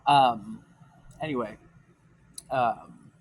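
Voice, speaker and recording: A man's voice: mid-range voice, drawn-out words, slight background noise, poor audio. A young man ranting in a casual vlog, rambling and exasperated, swearing often and restarting his sentences. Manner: rambling, profane, exasperated, many fillers and restarts. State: voice cracking after crying. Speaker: dating advice vlogger.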